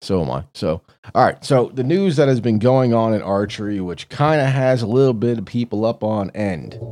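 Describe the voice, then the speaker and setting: A man's voice: on the low side, normal speed, slight background noise. A man co-hosting a casual podcast chat, blunt and profane, telling stories with lots of energy. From lived in New York City. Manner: blunt, profane, animated storytelling. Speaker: podcast co-host.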